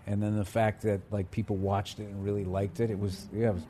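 A man's voice: fairly low pitch, flat delivery, fairly quick, mellow, slight background noise. A middle-aged man with a Boston accent, a guest comedian chatting on a podcast, rambling through stories and swearing freely. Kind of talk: casual podcast chat.

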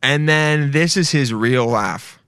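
A man's voice: mid-range voice, slow, very noisy. A young man giving casual, profane, mocking commentary while reacting to a video, rambling as he goes.

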